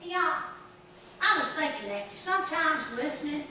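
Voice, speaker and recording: A woman pastor preaching a sermon, telling folksy stories and breaking into animated shouts. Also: high-pitched, normal speed, slight background noise. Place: church sanctuary. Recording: echoey church from far off.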